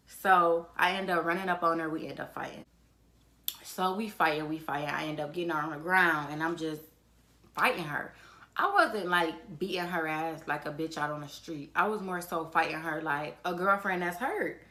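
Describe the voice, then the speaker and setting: A young woman talks through a story in a casual, animated way, swearing as she goes. Her voice is bright and forward and sits a little low for a woman. She jumps into a raised voice whenever she quotes someone. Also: normal speed. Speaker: vlogger telling a storytime.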